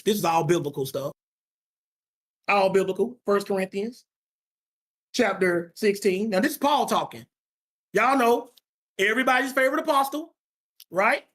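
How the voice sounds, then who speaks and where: Emphatic, slangy Sabbath class teacher. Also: male voice, sits high, normal speed, long pauses, fairly bright tone. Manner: emphatic and slangy, repeats points for stress. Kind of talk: informal preaching to young people.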